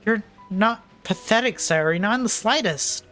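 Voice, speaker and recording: A woman reading aloud, voicing a caring teenage girl who gently reassures a friend. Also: mid-range voice, expressive, soft background music, lightly acted. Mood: gentle. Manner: soft, reassuring, measured.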